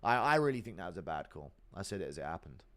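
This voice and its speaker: A man's voice: low voice, big pitch swings, quick pace, a bit bright. A young man live streaming, casually reading out donations and rambling with a lot of swearing and sarcasm. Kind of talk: casual chat.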